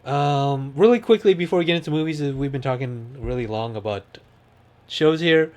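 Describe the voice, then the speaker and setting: A man's voice: on the high side, normal speed, darkish tone. Easygoing man chatting about shows. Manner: rambling, laughs often, breaks into movie quotes. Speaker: podcast co-host. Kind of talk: casual chat.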